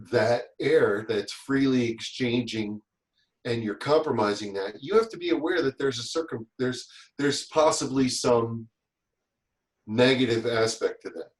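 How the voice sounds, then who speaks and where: A man's voice: mid-range voice, reverberant, low-quality recording. A man guesting on a podcast and chatting casually, rambling and often restarting his sentences. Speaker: guest, safety instructor. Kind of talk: casual chat.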